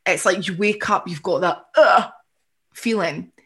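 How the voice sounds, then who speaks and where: A woman's voice: on the low side, moderate pace, a bit bright, slightly rough. A woman, coaching someone through a reflective conversation and voicing their inner thoughts.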